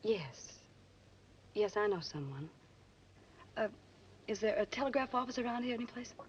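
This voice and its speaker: A woman's voice: medium pitch, expressive, normal speed, close to an everyday voice. An actress playing a desperate young mother in a 1930s film, speaking urgently and pleading. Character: desperate young mother hiding her baby. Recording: dull old film soundtrack with hiss.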